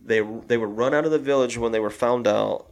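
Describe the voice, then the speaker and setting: This podcast co-host has a mid-range voice with vocal fry and a brisk delivery. In a casual film talk, he loosely retells a horror movie scene by scene, acting out its quoted lines.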